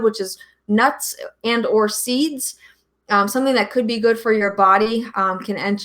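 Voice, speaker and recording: A woman doctor talks through health advice in a relaxed, conversational way. Her voice sits at an ordinary middle pitch, and she often pauses with "um" and restarts her sentences as she goes. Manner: conversational, frequent ums and restarts. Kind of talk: casual explanatory talk.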